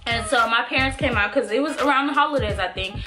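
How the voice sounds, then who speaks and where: Young woman vlogger, high pitched, chatty storyteller, music bed. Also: fast. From Bay Area, California. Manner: animated, many "like" fillers, addresses viewers as "y'all". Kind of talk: casual storytelling.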